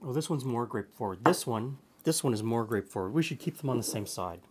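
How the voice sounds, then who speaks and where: A man hosting a cooking show, explaining a blind tasting in a relaxed, plain-spoken way from his studio. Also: mid-range voice, fairly quick, a little hiss or hum. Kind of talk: casual tasting chat. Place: home studio kitchen.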